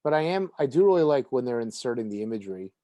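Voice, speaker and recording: A man co-hosting a podcast, chatting casually about comics in a relaxed, rambling way. The sound is dry and close, with little room echo. His voice sits at a middle pitch. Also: quick pace. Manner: relaxed, rambling, with frequent fillers and restarts. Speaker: podcast co-host.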